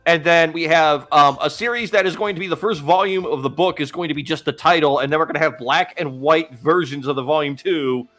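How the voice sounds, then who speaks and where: A man's voice: a little high, a little fast, few pauses, fairly bright tone, faint music behind. A man co-hosting a casual talk podcast, rambling and laughing, with lots of fillers. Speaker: podcast co-host. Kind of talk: casual chat.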